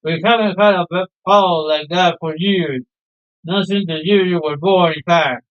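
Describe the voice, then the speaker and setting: A hearty, proud fisherman father from a game, homely and sentimental as he spins his stories, read aloud by a man. The voice sits fairly high and sounds smooth and clear. The recording is dull and lo-fi. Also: measured pace. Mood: fond. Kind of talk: reading game dialogue aloud.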